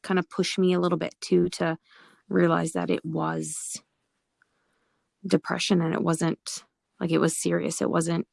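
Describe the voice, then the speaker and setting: A young adult woman speaks as a podcast guest in a low voice with plenty of vocal fry. She is earnest and reflective, recorded close and dry with no room sound. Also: flat delivery, a little slow, long pauses, darkish tone, no room sound. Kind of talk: casual podcast interview.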